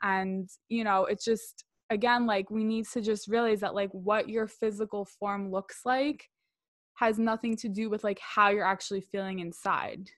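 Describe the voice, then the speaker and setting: A young woman co-hosts a podcast in casual, rambling chat, leaning on "like" and "you know". Her voice sits mid-pitch and sounds dry and close, with no room echo. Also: steady tone, normal speed, fairly bright tone. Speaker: podcast co-host.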